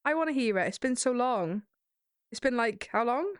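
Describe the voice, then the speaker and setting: A woman's voice: fairly high pitch, animated, normal speed, no echo, clean studio sound. A young woman co-hosting a casual podcast chat, playful and teasing, eagerly egging her friend on. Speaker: podcast co-host.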